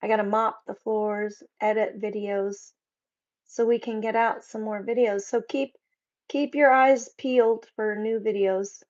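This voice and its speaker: A woman's voice: medium pitch, fairly even intonation, darkish tone. A playful woman chats with her viewers on a live stream, taking her time between words and laughing easily. Her voice sits in an ordinary middle range. The stream audio is a little dull and lo-fi. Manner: playful, joking, quick to laugh. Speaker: livestream host. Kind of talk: casual live chat reading viewer comments.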